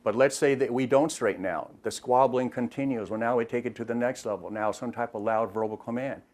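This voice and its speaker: Retired cop explaining, plain and steady. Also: male voice, mid-range voice, a little fast. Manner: plain, explanatory, repeats words while thinking. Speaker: retired police officer, de-escalation trainer. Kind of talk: explaining in an interview.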